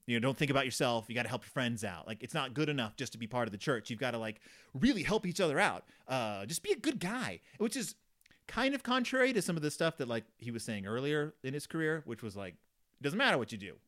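Podcast guy riffing on a kids book, super animated voice that jumps all over, lots of "like" and tangents. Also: mid-range voice, fast talker. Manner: rambling, jokey, full of "like" and asides, puts on silly voices for characters. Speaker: podcast host. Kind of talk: casual comedic book review.

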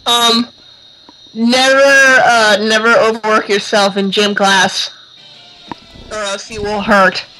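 A young podcast co-host in casual chat, soft-spoken and hesitant, full of fillers. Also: mid-range voice, little pitch movement, slow, long pauses, music in the background, low-quality recording.

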